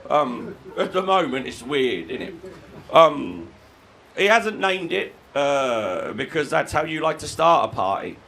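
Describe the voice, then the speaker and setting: UK stand-up, male, high and lively delivery, crude sardonic humour. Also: unhurried, gravelly, slight background noise, rough recording. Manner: crude, sardonic, erupts into shouted rants in character. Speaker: stand-up comedian. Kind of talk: live stand-up routine. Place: comedy venue with live audience.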